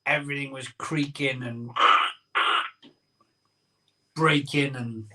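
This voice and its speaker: A man's voice: medium pitch, fairly even intonation, slow pace, far from the mic, noisy background. A man hosting a live beer-drinking show, telling a rambling story in casual chat and repeating his phrases as he goes.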